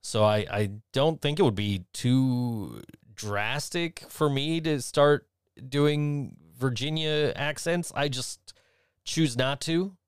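A man's voice: medium pitch, slow pace, smooth, no echo. Laid-back western new york guy, dry mic. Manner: profane, laughing, rambling asides. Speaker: podcast co-host and voice actor. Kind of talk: casual chat.

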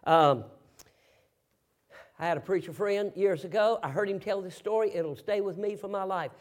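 A high-voiced man delivers a sermon at a normal pace, spinning a folksy story. He poses rhetorical questions and erupts now and then into loud, forceful shouts.

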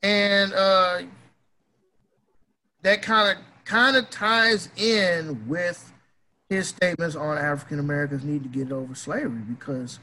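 A man's voice: sits high, pushed and bright, low-quality recording. A man ranting in a casual opinion talk, emphatic, heated and profane.

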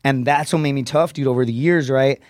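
A man, a comedian and former Marine, telling a rough story on a podcast in blunt, profane language. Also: medium pitch, dry recording, clean studio sound. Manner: profane, rapid, animated storytelling.

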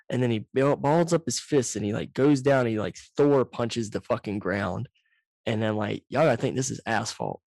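A man hosting a podcast, telling a long story in casual, profane, rambling talk and correcting himself as he goes, recorded loud and very close to the microphone over a video call. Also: on the low side, dry recording. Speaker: podcast host.

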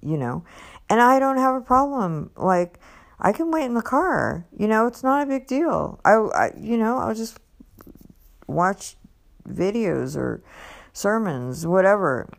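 A woman casually rambles through a personal story, full of fillers and restarts, speaking unhurriedly and expressively with vocal fry. She acts out other people's lines by raising her pitch.

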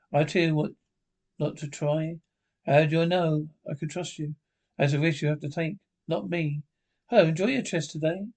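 A man's voice: a little high, a little mellow. A man reading a TV script aloud, voicing every part plainly and adding stage notes. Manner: reads all parts plainly with stage notes. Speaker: narrator.

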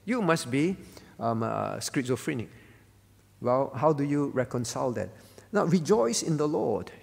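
A man's voice: mid-range voice, big pitch swings, a little slow, vocal fry, a little mellow, slightly rough, long reverb tail. A male pastor giving a conversational sermon at a prayer meeting, often checking in with the congregation by asking "all right?". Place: church hall.

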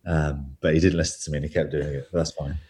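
A man's voice: rumbling low, level tone, quick pace, darkish tone. A man telling rambling, self-deprecating stories as a guest in a casual interview.

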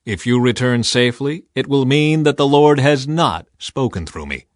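A man's voice: mid-range voice, expressive, moderate pace, no echo, clean studio sound, voice pushed up, lightly acted. A man reading aloud and voicing a stern prophet who speaks in a solemn, declaiming way. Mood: defiant. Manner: solemn and declaiming, sometimes sarcastic. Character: stern older male prophet who defies the king.

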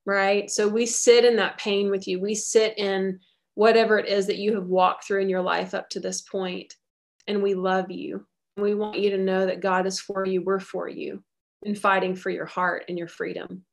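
Woman speaker, faith teaching, fry-tinged, earnest and encouraging. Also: mid-range voice, flat delivery, normal speed. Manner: earnest, encouraging, repeats key phrases. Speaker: guest speaker on soul care.

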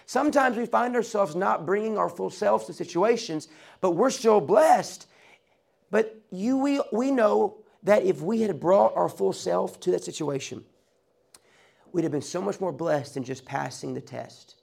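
A man preaches in a loose, conversational way and tosses in playful asides. His voice sits high for a man and has a gravelly, fried edge. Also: animated, a little slow, a little mellow. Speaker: pastor. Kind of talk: sermon.

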